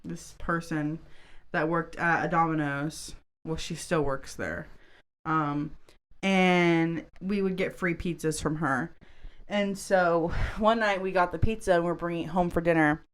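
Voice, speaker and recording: A woman co-hosting a podcast in casual chat, telling animated, profane stories full of "like". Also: lowish voice, measured pace. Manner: animated, profane storytelling with lots of "like". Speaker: podcast co-host.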